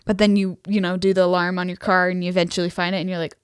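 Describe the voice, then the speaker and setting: A woman's voice: fairly low pitch, very fast, clear, resonant tone, no room sound. A young woman co-hosting a podcast, telling a story in a casual chat and acting out the people in it with giggles. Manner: animated storyteller, acts out quoted voices with giggles. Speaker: podcast co-host.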